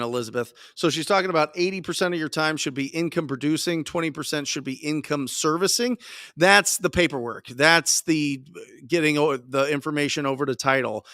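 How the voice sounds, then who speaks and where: A man hosting a live Q&A, coaching his listeners in an energetic, emphatic way and repeating his key points. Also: on the high side, no room sound, studio quality. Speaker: podcast host and wholesaling coach.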